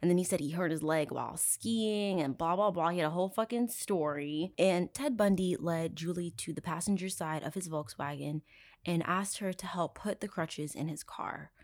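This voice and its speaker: Profane, sarcastic woman podcast host. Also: normal speed. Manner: profane, sarcastic and outraged, laughs often; swings between loud outbursts and low asides. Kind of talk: casual true crime storytelling.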